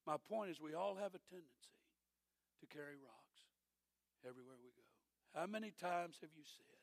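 A man's voice: fairly high pitch, expressive, moderate pace, gravelly, pauses often, dry recording. A middle-aged man preaching a sermon as a pastor, telling folksy stories with dry humor.

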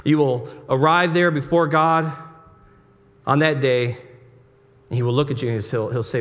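A pastor preaching a sermon in a casual, conversational way, full of restarts and rhetorical questions. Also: male voice, mid-range voice, fairly even intonation, moderate pace, pauses often. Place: church sanctuary. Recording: long hall reverb with soft guitar behind. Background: soft guitar music.

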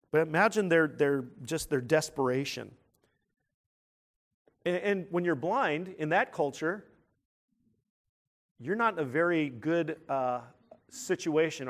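A man preaching a sermon in an animated, emphatic way, with sudden loud outbursts and questions put to his listeners. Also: fairly high pitch.

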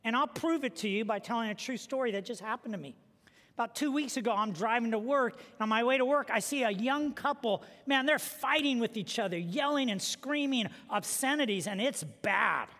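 A man preaching a sermon as pastor, telling stories with humor and animated delivery. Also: extremely high pitch, a little fast. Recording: long reverb of a large hall.

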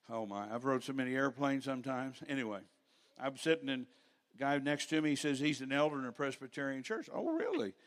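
An older man preaching a sermon in a church, telling stories with rambling asides and rising to loud preaching at times. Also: medium pitch, fairly even intonation, a little fast.

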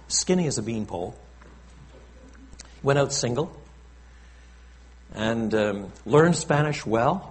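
Speaking in a mid-range voice, a male pastor delivers a lively, conversational sermon full of frequent asides to the congregation.

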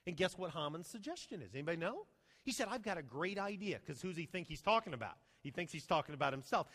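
Male pastor, high expressive voice, animated storytelling sermon, reverberant hall sound. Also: fast talker. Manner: animated storytelling with rhetorical questions.

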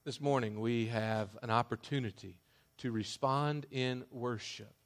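A man preaching a sermon as a pastor, emphatic, with loud declarations that drop to hushed asides. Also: medium pitch, a little slow.

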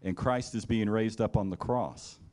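A man's voice: lowish voice, measured pace. A man preaching a sermon in a conversational way. He acts out scenes in the first person as he tells them and adds asides like "right?". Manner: animated storytelling, acting out scenes in the first person.

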